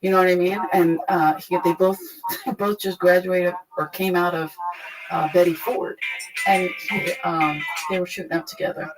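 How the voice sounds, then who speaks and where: A young adult woman frankly retelling a painful personal story, profane and animated. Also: on the low side, normal speed, music in the background, poor audio. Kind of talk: candid conversational storytelling.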